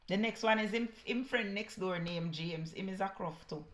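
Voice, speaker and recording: A woman's voice: medium pitch, creaky. A woman with a Jamaican accent giving heated political commentary, scornful and mixing patois with English.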